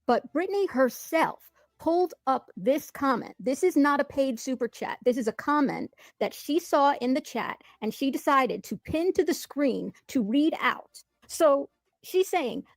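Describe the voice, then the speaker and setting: Critical woman commentator, raised gravelly pitch, dry close sound. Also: no echo. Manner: pointed, critical. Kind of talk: commentary on clips.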